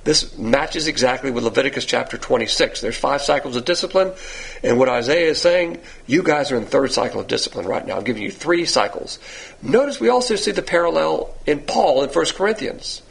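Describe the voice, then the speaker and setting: A man teaching a verse-by-verse sermon, asking rhetorical questions and pushing his pitch up for emphasis. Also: lively intonation, a little fast, gravelly, slightly rough, low-quality recording. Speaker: Bible teacher.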